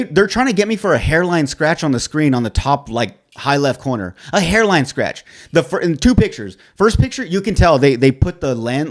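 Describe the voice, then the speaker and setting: A man co-hosting a podcast, telling a frustrating story in casual chat, swearing a lot and quoting both sides of the conversation. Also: a little high. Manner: profane, exasperated storytelling with quoted dialogue. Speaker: podcast co-host.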